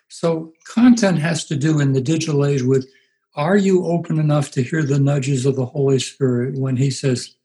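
A man in his eighties, a pastor being interviewed, telling stories in an unhurried way and acting out the voices he quotes. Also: on the high side, warm tone, rough recording. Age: 80s. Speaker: pastor and guest. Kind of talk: reflective storytelling interview.

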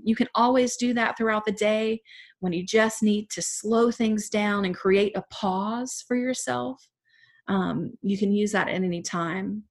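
A woman with a Southern US accent giving a gentle class talk as an herbalist, soft-spoken with frequent fillers. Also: mid-range voice. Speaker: herbalist teacher.

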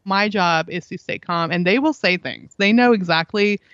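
A woman's voice: medium pitch, normal speed, a bit bright, no echo. A middle-aged woman, a guest in a casual interview, tells stories animatedly, acting out quoted dialogue and laughing often. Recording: dull dry lo-fi audio.

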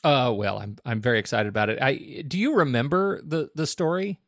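Male podcast co-host raised in Colorado, gravelly low voice, halting casual talk, dry recording. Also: no echo. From Colorado, United States. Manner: halting, many fillers and restarts, enthusiastic. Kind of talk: casual chat.

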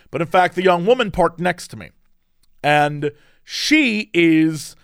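A man hosting a casual chat, telling a story with lively, acted-out quotes and big pitch jumps. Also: no echo, studio quality. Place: Los Angeles.

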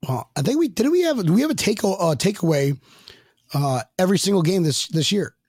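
A man hosting a casual sports chat, excitable and rambling, laughing often and restarting his sentences. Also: high voice, brisk, breathy edge, no room sound, clean studio sound. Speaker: podcast host.

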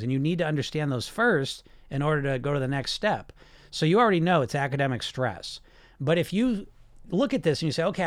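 Man, weight-loss coach, casual live talk, energetic, repeats himself, fairly high voice. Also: dry recording, studio quality. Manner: energetic, repeats himself, talks straight to listeners.

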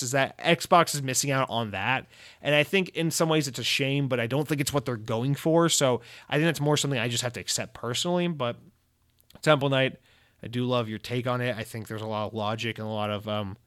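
A man's voice: medium pitch, fairly bright tone, dry recording, studio quality. A man hosting a casual gaming podcast, talking in a loose, jokey, profane way with frequent restarts. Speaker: podcast host.

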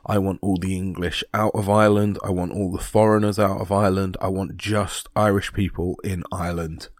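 A man's voice: deep voice, flat delivery, a little fast, no room sound, clean studio sound, close to an everyday voice. A man voicing an insistent Irishman in a told joke, repeating his demands. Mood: demanding. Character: ranting male Irishman in a joke.

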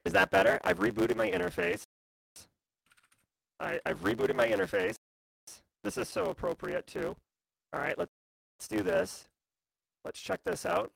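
Male streamer host, high husky voice, casual and animated. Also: dry recording, poor audio. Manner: animated, jumps high and low in pitch. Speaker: livestream host. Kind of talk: casual livestream chat.

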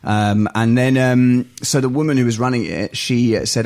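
A man, a stand-up comedian, telling an excitable story as a guest in a casual podcast chat. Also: mid-range voice, moderate pace, hardly any pauses.

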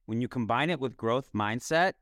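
A man's voice: medium pitch, expressive, a bit bright, dry recording, studio quality. A man in his thirties hosting a podcast, upbeat and enthusiastic as he chats with a guest. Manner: upbeat, enthusiastic, quick-talking. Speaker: podcast host. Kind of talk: casual interview chat.

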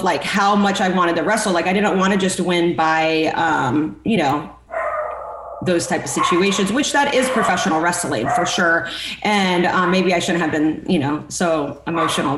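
A woman in her thirties, a former pro wrestler, telling animated stories in a casual interview and acting out what people said. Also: fairly low pitch, very noisy. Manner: animated, acts out quoted people. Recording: roomy echo.

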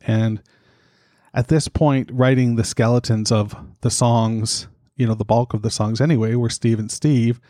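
A podcast host chatting casually at home, out of breath and breathing heavily, rambling with lots of fillers. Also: male voice, mid-range voice, steady tone, measured pace, dark tone, no room sound, studio quality. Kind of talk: casual chat. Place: home studio.

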